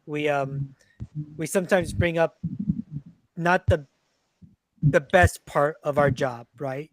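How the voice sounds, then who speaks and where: A Navy veteran co-host talks reflectively, his speech full of fillers. He has a slightly high voice, and the sound is dry with no room echo. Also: fairly even intonation, slow pace. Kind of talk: casual conversation.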